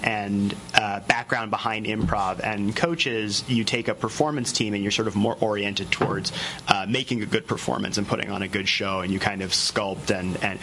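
A man who coaches improv, speaking in a radio interview and joking with a quick laugh. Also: fairly low pitch, pushed and bright, a little hiss or hum, low-quality recording.

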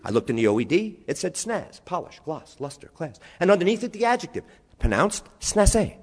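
A man with a New York accent telling animated stories to an audience, spelling out words and acting out his family's voices. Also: on the high side, brisk, slightly rough. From New York, USA. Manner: lively, spells words out, acts out relatives' voices. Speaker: storyteller speaking to an audience. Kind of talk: animated storytelling talk.

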